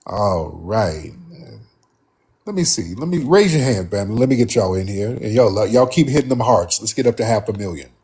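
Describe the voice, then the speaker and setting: A man with a slightly husky voice hosts a live call-in stream. He talks in a loose, drawling way, addressing the room and his viewers casually. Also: fairly low pitch, lively intonation, normal speed, darkish tone. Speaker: host.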